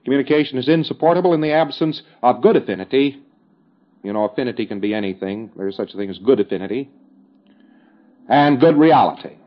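A man's voice: mid-range voice, expressive, brisk. A man lectures in a mid-range voice, conversational but emphatic, and drops in folksy fillers as he explains. The sound is dull and muffled, like an old lo-fi tape. It feels like an instructional talk to a class.

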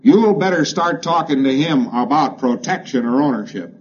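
A man giving a plainspoken, emphatic lecture to a congress, repeating phrases that trail off quieter each time. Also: mid-range voice, expressive, normal speed. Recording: dull, hissy old lecture recording.

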